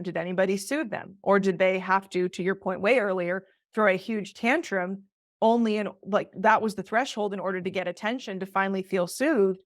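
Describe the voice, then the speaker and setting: A woman co-hosting a relationship podcast, explaining ideas in a lively conversational way and acting out short quoted lines. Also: mid-range voice, no echo, studio quality. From Italian heritage. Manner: animated, acts out quoted voices. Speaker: podcast co-host, relationship therapist.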